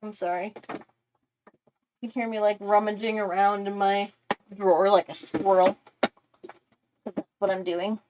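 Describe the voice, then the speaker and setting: A woman hosting a casual live art stream, bubbly and excitable, chatting with many fillers and quick apologies. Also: medium pitch, background noise. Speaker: art channel host.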